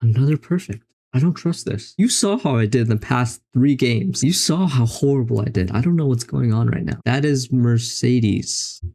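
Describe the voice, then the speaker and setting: A man's voice: medium pitch, moderate pace, creaky, hardly any pauses, mellow, breathy edge. A young man hosting a gaming video, talking casually through daily geography puzzles in a self-mocking, exasperated way. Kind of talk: casual commentary while playing.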